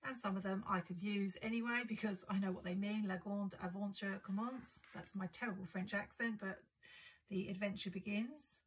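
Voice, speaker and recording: For her craft and planner vlog, a woman unboxes craft supplies and describes them in a casual, enthusiastic haul chat. Her voice is medium-pitched and fairly even, and she talks briskly. The audio is poor, with a slight hiss or hum.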